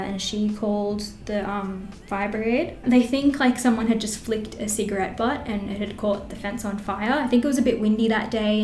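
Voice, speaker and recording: Chatty Australian woman vlogging. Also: medium pitch. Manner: rambling and animated, many fillers. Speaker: beauty vlogger. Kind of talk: get-ready-with-me vlog chat. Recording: roomy echo.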